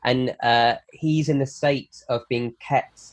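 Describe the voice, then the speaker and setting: A man pitches a film as a lively story on a comedy podcast, rushing through the plot and slipping into the characters' lines. His voice sits at a middling pitch. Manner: animated storyteller, quick, acts out quotes. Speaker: guest pitching a film idea.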